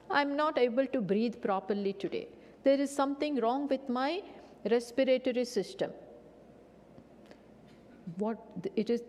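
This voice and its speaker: Woman, spiritual teacher, unhurried lecture, rhetorical questions, repeats key phrases. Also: high voice. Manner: asks rhetorical questions and answers them herself. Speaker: Vedanta teacher. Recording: long hall reverb.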